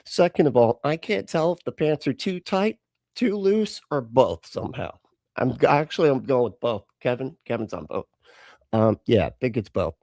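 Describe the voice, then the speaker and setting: A man hosting a live reaction stream in loose, casual chat. He talks sarcastically, laughing and swearing often. His voice is mid-pitched and sounds dry and close. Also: lively intonation, normal speed, mellow, dry recording.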